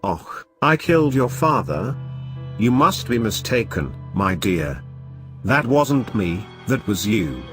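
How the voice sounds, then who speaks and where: Man voicing a female trickster spirit, cruel, taunting, sneering, low, animated, faint music behind. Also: takes it slowly. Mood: mocking.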